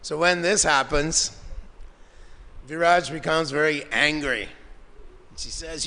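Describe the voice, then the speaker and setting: A man's voice: a little high, slow, long pauses, sharp tone. A man giving a devotional lecture, narrating scripture stories with quoted dialogue and Sanskrit terms, in a temple hall. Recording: long hall reverb.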